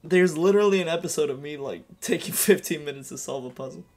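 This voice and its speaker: A young man hosting a casual gameplay commentary with a friend, energetic and swearing freely. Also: fairly high pitch, fast. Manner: energetic, loud, swearing banter. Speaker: gaming channel host.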